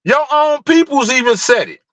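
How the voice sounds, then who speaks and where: On a rough, dry recording, a livestream host goes on a fired-up, foul-mouthed rant packed with rhetorical questions. His voice is very high and a bit bright, with lively intonation at a normal speed.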